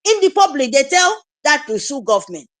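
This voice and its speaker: A woman's voice: high voice, sing-song, a little fast, no room sound. A woman with a Nigerian accent giving an impassioned political address, repeating her points with urgent pleading. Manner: emphatic, repetitive, urgent pleading. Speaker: activist commentator.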